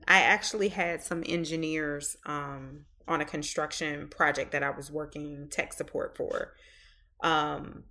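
A woman with a Southern drawl hosts a podcast, talking at her own rambling pace and stretching out her phrases. Her voice sits a touch low for a woman. She fills her pauses with ums and likes. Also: bright, forceful tone. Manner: rambling and chatty, many fillers, drawn-out phrases. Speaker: podcast host. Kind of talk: casual monologue.

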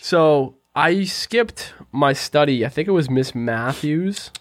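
A young man in casual podcast chat, telling slangy, animated school stories and acting out the lines he quotes. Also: a little high, slow, dry recording. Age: young adult. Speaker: podcast co-host.

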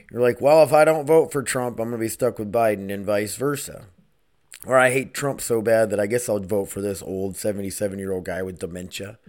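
A man's voice: medium pitch, a little mellow. A man hosting his own podcast in casual solo chat, blunt and rambling, swearing freely. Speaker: podcast host.

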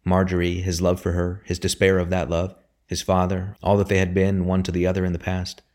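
A man reads a period novel aloud in a deep, low-pitched voice. His delivery is measured and steady, in the manner of a careful storyteller. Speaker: audiobook reader. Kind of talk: scripted narration.

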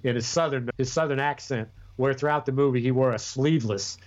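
A man's voice: medium pitch, a little fast, darkish tone, highs cut off. A man co-hosting a podcast in casual chat, rambling and profane with many restarts. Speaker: podcast co-host.

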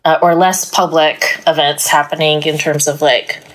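A woman's voice: deep voice, level tone, normal speed, low-quality recording. A woman talking as a guest on a casual podcast, chatty and leaning on "like" as filler. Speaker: executive director of an arts organization, guest.

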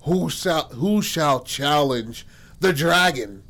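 A drunk young man booming out a mock-royal challenge, slow and grand, pitched higher and louder than a normal speaking voice, as a man doing the voice in a spoken story acts it out. The delivery is measured and pompous. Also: animated, gravelly, heavily acted.

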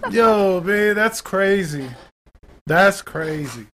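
Slangy, excitable man cracking up. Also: high-pitched, extremely slow, slight background noise. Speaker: podcast co-host. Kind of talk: casual chat.

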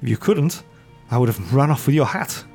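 Man, game master, relaxed chatty delivery, faint music under it. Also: mid-range voice, normal speed, gravelly. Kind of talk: narrating and voicing characters in a tabletop game.

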